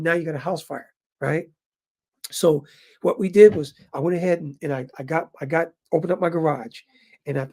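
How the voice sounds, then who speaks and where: A man in his fifties telling his viewers a story in a casual, animated way and calling them brothers. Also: on the high side, creaky. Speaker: vlogger living in Japan.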